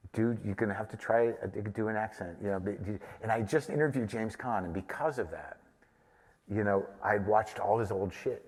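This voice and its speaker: A man's voice: on the low side, darkish tone, slightly rough, in a large hall. A man from New Mexico, a comedian and podcaster, telling a long, profane, self-deprecating story in a live on-stage conversation. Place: theater stage before an audience.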